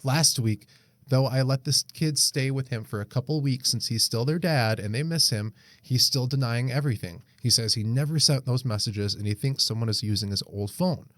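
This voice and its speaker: A man's voice: mid-range voice, moderate pace, no room sound. A young man, co-hosting a podcast in casual chat, reading a Reddit post aloud, swearing freely and laughing often. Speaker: podcast co-host.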